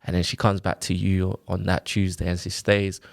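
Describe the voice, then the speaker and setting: A man, telling his own story on a podcast in a casual, animated way, full of quoted back-and-forth and fillers like "like" and "innit". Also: low voice, normal speed, gravelly. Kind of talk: casual chat, personal story.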